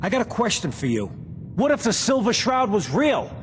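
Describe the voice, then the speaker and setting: An excitable ghoul comic-book fan in a video game, his voice high and swinging all over the place. He gushes eagerly. There is a long reverb tail and a faint hiss behind him. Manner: eager, excitable, quick to gush. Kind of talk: game character dialogue.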